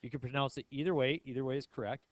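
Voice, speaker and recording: A man's voice: medium pitch, fairly even intonation, racing, no echo, dull audio. A male math teacher lecturing a class in a playful way, asking his students many questions.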